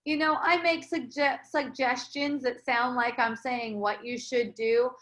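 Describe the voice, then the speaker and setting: Woman spiritual teacher, soothing and rambling, higher voice. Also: fairly even intonation, a little slow. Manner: gentle, reassuring, rambling with restarts. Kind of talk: casual spiritual dialogue.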